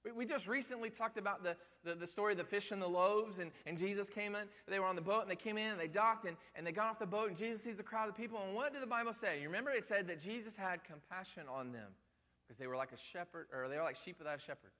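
High, bright-voiced pastor preaching. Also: male voice, fast, big-room sound. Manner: conversational, repetitive, folksy. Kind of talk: sermon. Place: church sanctuary.

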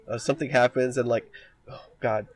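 A man's voice: medium pitch, steady tone, a little fast, no room sound. Rambling man retelling a story. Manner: rambling, heavy filler words, swears freely. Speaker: podcast co-host. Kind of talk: casual chat, retelling a story.

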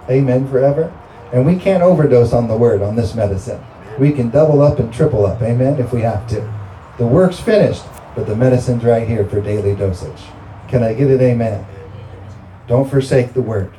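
A man's voice: mid-range voice, expressive, brisk, dark tone, a little hiss or hum, rough recording. A male pastor preaching a sermon and leading a communion prayer, with emphatic, rising delivery and call-and-response to the congregation. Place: church sanctuary.

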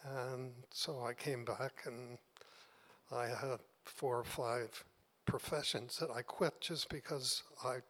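A man's voice: medium pitch, steady tone, slow, fairly bright tone. An older man, the guest's father, plainly recounting his past. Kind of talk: telling his life story.

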